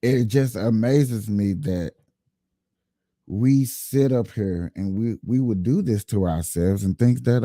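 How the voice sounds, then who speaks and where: Guy doing his own livestream, low-ish mellow voice, dead dry sound, earnest, keeps repeating himself and talking right at viewers. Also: slow, no room sound. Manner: earnest, repetitive, addresses viewers directly. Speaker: livestream host. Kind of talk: casual political livestream talk.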